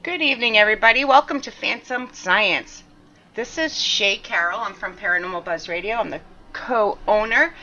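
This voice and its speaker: Bright chatty woman on lo-fi audio. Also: medium pitch, moderate pace. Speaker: podcast guest host, network co-owner. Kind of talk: casual podcast chat. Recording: dull lo-fi remote audio.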